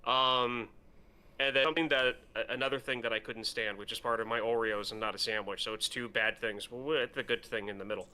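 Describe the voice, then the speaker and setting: A man's voice: mid-range voice, fairly even intonation, a little fast, pushed and bright, smooth. A man co-hosting a movie podcast, rambling casually with lots of fillers. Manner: rambling, filler-heavy, laughs easily. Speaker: podcast co-host. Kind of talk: casual movie review chat.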